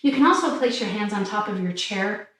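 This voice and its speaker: A woman fitness instructor calmly talking listeners through a stretching cool-down while doing it herself. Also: mid-range voice, a little fast. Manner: calm, encouraging cues while demonstrating stretches. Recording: very echoey room, mic far off.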